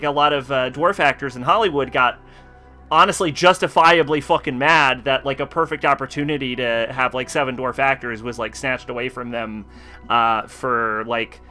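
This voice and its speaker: A man's voice: medium pitch, sharp tone. A man streaming a video game, chatting casually and rambling, with lots of fillers and swearing. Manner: rambling and profane, heavy with fillers. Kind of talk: casual live-stream chat.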